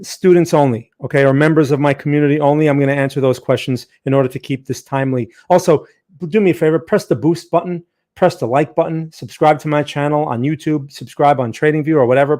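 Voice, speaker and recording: A man's voice: fairly high pitch, a little fast, a little mellow. A man hosting a live trading stream, chatting casually, greeting viewers by name, with frequent fillers and restarts.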